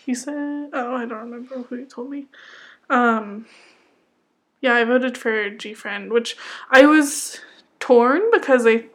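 Co-hosting a casual chat about music awards, a woman with a high-leaning voice speaks slowly and pauses often. She reads out the nominees and jokes about stumbling over the names.

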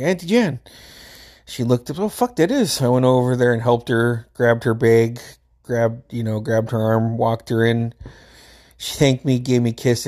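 A man's voice: medium pitch, darkish tone. A middle-aged man casually telling a family story, laid-back, swearing freely and laughing as he goes.

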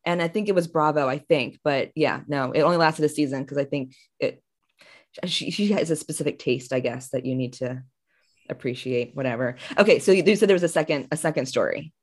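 Deep-voiced woman hosting a chatty podcast. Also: brisk. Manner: chatty, rambling, heavy use of "like". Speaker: podcast host. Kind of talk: casual podcast chat.

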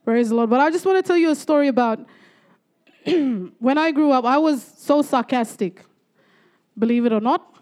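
Young woman, high voice, chatty church testimony with lots of praise-the-lords. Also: normal speed, pauses often. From Torres Strait, Australia. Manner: lively storytelling with frequent praise interjections. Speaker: church speaker giving testimony.

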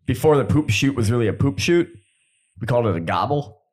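A man's voice: medium pitch, brisk. A young man in casual chat, telling stories between bursts of laughter. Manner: storytelling, animated with laughter.

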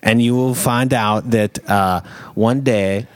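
A man's voice: mid-range voice, fairly even intonation, slow, smooth, dry recording, natural voice. A man putting on a German accent, doing a blunt, aggressive, sweary German film director on a comedy podcast. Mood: deadpan. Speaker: comedy podcast guest impersonation.

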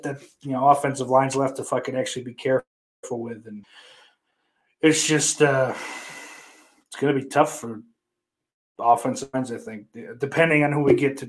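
A man streaming live and talking loosely to his chat. He rambles from one thing to the next, swears freely and jokes around at a middling pitch. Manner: rambling, profane, loose and joking. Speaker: livestream host.

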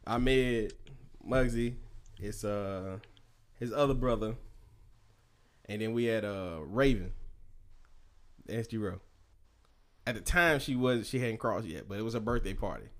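A man's voice: lowish voice, measured pace, pauses often. A man, co-hosting a podcast, telling a rowdy party story in casual, profane chat, quoting friends and laughing often. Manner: animated, laughing, profane storytelling with quoted dialogue. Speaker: podcast co-host.

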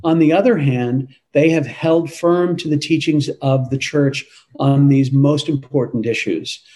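A man's voice: medium pitch, unhurried, mellow, low-quality recording. A man speaks as an interview guest in a mid-range voice. He talks in long, earnest stretches and grows emphatic when he presses a point. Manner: earnest and emphatic, with frequent restarts. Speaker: interview guest, Catholic advocacy leader. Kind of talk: conversational interview answers.

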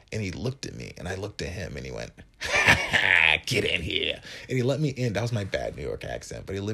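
A man in his twenties from Wisconsin, hosting a podcast and telling a comic story in a profane, animated, self-mocking way. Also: lowish voice. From Wisconsin, USA. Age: 20s. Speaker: podcast host. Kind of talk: comedic storytelling monologue.

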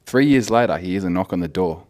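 A young man co-hosting a podcast in casual chat, telling quick gags and bluntly grossed out by food talk. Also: deep voice, animated, a little mellow. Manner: jokey, tells short gags, blunt and squeamish. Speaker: podcast co-host.

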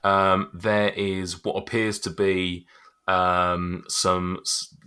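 A man's voice: deep voice, monotone, very slow, pushed and bright, smooth. A man running a tabletop game as game master, describing scenes with many ums and restarts. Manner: rambling, hesitant descriptions full of ums.

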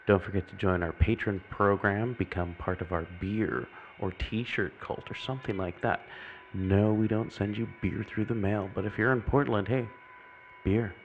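A man hosting a podcast, reading off sponsor and shop plugs with relaxed, joking asides. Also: lowish voice, normal speed. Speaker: podcast host. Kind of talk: casual show outro. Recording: dull lo-fi mic with faint hiss.

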